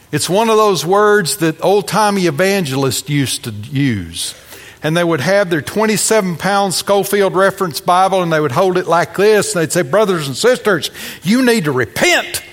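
Brief: male pastor, slightly raised voice, preaching with punchy emphasis and wry jokes, long hall reverb. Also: high voice. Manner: preaching with dramatic emphasis and humorous asides. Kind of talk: sermon.

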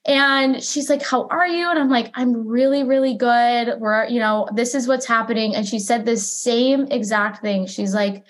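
A woman working as a psychic medium, telling a personal story as a podcast guest in an animated, chatty way, acting out her own remarks. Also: on the high side, normal speed, few pauses. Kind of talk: casual storytelling conversation.

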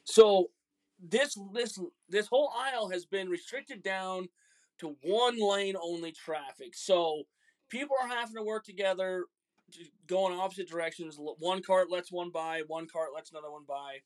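A man hosting a casual podcast with his son, telling stories in an animated, joking way. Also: high-pitched, normal speed. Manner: animated, jokey, acts out voices in stories. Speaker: podcast host, father. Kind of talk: casual storytelling chat.

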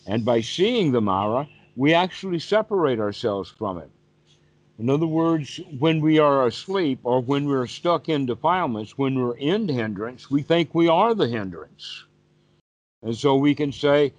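Male meditation teacher, mid-pitched, calm repetitive explainer; dull lo-fi call recording. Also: a little slow, dry recording. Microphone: video call. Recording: dull, dry lo-fi call audio.

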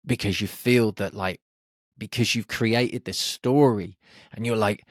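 A man hosting a solo podcast, talking in an animated way and slipping into quick voices for people's inner self-talk. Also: mid-range voice, no room sound, studio quality. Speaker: podcast host.

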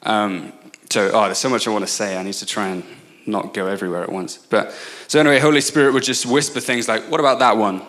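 A man in his twenties with an English accent, preaching as a guest speaker, earnest and prone to quick asides and restarts. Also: fairly low pitch, fairly bright tone. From England. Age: 20s. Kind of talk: sermon.

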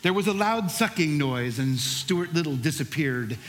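A middle-aged male pastor preaching a sermon, telling a lively personal story before moving into scripture. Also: on the high side, normal speed, slight background noise. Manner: animated storyteller, shouts during the story's peaks.

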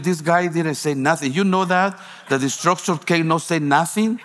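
A man's voice: on the high side, moderate pace, a bit bright. A man from Guatemala, a pastor preaching a sermon in a storytelling way, with broken phrasing and frequent restarts.

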